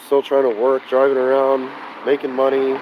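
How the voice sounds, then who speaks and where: A sick man live-streaming from outdoors beside a car, swearing, sighing and venting his frustration, sounding hoarse and burnt out. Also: mid-range voice, completely flat delivery, moderate pace, muffled recording, slight background noise. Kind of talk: live-stream vlog, talking to chat.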